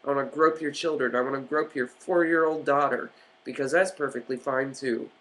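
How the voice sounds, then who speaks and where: A man's voice: medium pitch, fairly even intonation, brisk, natural voice, poor audio. A man mimicking a sneering crude airport screener. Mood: taunting. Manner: loud, sarcastic, exaggerated taunting.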